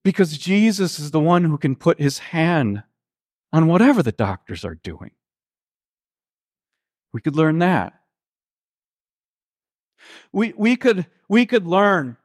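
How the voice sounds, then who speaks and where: A man preaching a sermon, retelling a Gospel story in an earnest, halting way, with frequent restarts and slow, quiet quotations. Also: sits high, very animated. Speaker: pastor.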